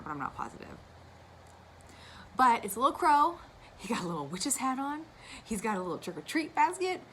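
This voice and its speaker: A woman's voice: on the low side, fairly bright tone, a little hiss or hum, low-quality recording. A young woman chatting casually to camera about her cross-stitch, gushing and wandering into asides. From United States.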